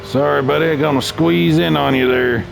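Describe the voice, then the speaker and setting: A man's voice: fairly high pitch, moderate pace, vocal fry, noisy background. Chatty man narrating his racing game. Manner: chatty, relaxed, self-mocking asides. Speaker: gaming channel host. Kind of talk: casual let's-play commentary.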